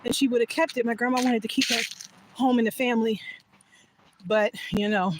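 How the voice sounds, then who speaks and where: A woman's voice: a little high, fairly even intonation, brisk, long pauses, slight background noise, poor audio. A woman vlogging while walking outdoors, telling an emotional story in a casual way, laughing often and sometimes dropping to a whisper. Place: outdoors, walking back from voting.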